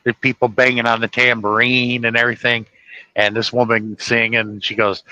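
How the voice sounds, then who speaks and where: A man hosting a livestream, telling a funny story in a loose, chatty way. His voice is bright and forceful, and it sounds dry and close to the mic. He laughs as he talks and drops into quick impressions. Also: medium pitch, fairly even intonation, no room sound, highs cut off. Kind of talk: casual chat, retelling movie scenes.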